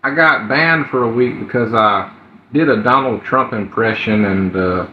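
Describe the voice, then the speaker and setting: Man greeting live-stream viewers. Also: mid-range voice. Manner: greets viewers one by one, halting with many fillers. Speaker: livestreamer. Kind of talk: casual live-stream chat. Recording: roomy, dull, slightly noisy phone audio.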